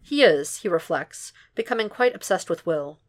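A woman narrating a fan fiction audiobook in a steady, unhurried way. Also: on the low side. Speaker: podfic reader.

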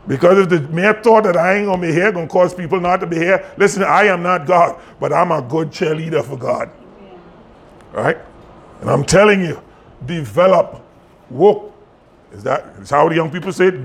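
A man's voice: a little high, moderate pace, pauses often, slight background noise. A pastor in his sixties preaching a sermon, talking plainly and joking with his congregation while in pain. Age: 60s. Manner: conversational, jokes with the congregation. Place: church sanctuary.

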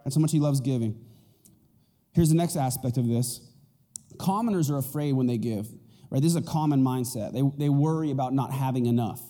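A male pastor preaching a lively, joking sermon, often checking in with the crowd. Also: medium pitch, brisk, big-room sound. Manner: animated and joking, asks the crowd "right?". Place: church auditorium.

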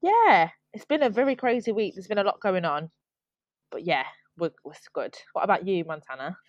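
A young woman co-hosting a podcast in relaxed, casual chat. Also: medium pitch, normal speed, dry recording, muffled recording. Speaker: podcast co-host.

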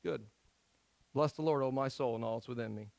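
Man preaching a lively church sermon. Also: medium pitch, fairly quick, creaky, rough recording. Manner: animated storytelling, acts out quoted voices; swings between loud emphasis and quiet asides. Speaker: pastor. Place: church sanctuary.

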